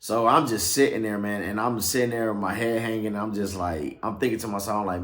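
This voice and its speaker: A man's voice: lowish voice, a little fast, few pauses, fairly bright tone, reverberant. A man, a pastor, telling his life story casually in a loose, slangy way, often checking in with "right?". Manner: loose, slangy, keeps asking "right?" and trailing off with "or whatever like that".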